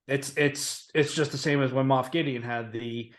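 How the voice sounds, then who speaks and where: A man co-hosting a podcast in casual chat. His voice is at a middle pitch. He restarts his sentences and slips in wry remarks. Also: steady tone, moderate pace. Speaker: podcast co-host.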